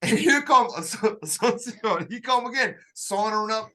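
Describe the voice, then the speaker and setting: A man casually telling a story in conversation, animated and full of slang, with vocal sound effects. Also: sits high, unhurried. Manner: uses slang and restarts. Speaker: storyteller in a two-man dialogue.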